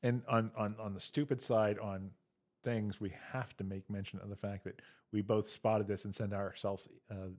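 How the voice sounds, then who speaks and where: A man's voice: on the low side, darkish tone. A man co-hosting a comedy podcast, chatting casually and telling dad jokes and long joke stories. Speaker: podcast co-host.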